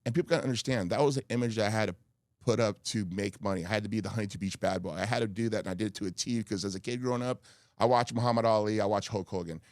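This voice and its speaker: A man's voice: on the low side, very fast, a little mellow, dry recording, studio quality. A middle-aged man, a guest in a candid podcast talk, speaking in heated bursts with stammered restarts. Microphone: studio mic.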